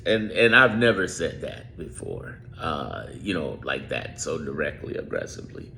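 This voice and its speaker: A low, gravelly male voice, speaking off script to his audience. He talks emphatically, repeats himself and drags out his phrases. A faint hiss sits under the recording. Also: animated, moderate pace, hardly any pauses, sharp tone. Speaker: political commentator. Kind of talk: off-script direct-to-camera commentary.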